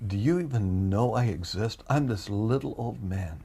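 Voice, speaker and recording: A man quietly voicing a humble, frail old man, pleading softly in prayer with a husky voice. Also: lowish voice, normal speed. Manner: soft, pleading, hushed.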